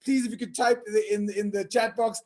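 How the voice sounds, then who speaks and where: A man hosting a virtual conference, telling jokes with lively acted-out voices and shouted punchlines. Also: high-pitched, fairly quick. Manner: animated, shouts punchlines and acts out characters.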